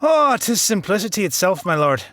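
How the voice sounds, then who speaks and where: A smug, jovial Irishman speaks with easy confidence, put on by a man. His pitch moves about freely. Faint music sits behind. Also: very animated, moderate pace, fairly bright tone.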